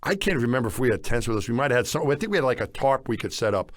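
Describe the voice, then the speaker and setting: A middle-aged man co-hosting a podcast, telling a story casually with lively chuckles. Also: mid-range voice, very fast, dry recording, clean studio sound. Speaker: podcast co-host.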